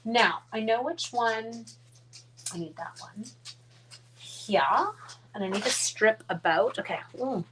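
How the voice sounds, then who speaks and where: A woman's voice: a little high, takes it slowly, pauses often, a bit bright, a little hiss or hum. Chatty woman demoing crafts on a live stream. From Canada. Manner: chatty, rambling, mutters under her breath; talks to her dogs mid-demo. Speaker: card-making demonstrator.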